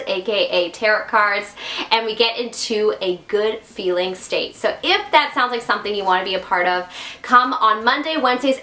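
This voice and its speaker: Giggly chatty woman vlogging, bright voice, echoey room. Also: fairly high pitch. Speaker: YouTube wellness host. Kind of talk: casual talk to camera.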